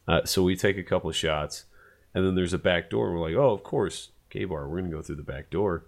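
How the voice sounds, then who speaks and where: A man telling a funny story in casual chat, animated and profane, acting out what people said. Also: sits low, fairly quick, gravelly. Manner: animated, profane, acts out quotes.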